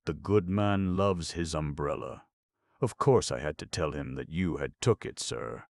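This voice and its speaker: A man's voice: a bass voice, lively intonation, unhurried, creaky, dry recording, clean studio sound, full character voice. A man voicing a stiff male cloakroom attendant who speaks with cold deference. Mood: cool. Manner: coldly deferential.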